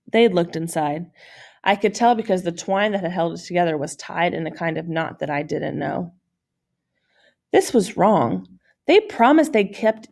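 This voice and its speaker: A woman's voice: lowish voice, darkish tone. A woman reading a children's novel aloud in plain storytelling style, with small slips that she corrects. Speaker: audiobook reader.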